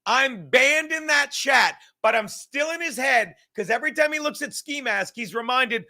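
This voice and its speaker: A man's voice: extremely high pitch, expressive, sharp tone. A man hosting a podcast, ranting sarcastically and with heavy profanity as he reacts to clips. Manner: sarcastic, profane, fast-building rant. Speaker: podcast host. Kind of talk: animated ranting commentary.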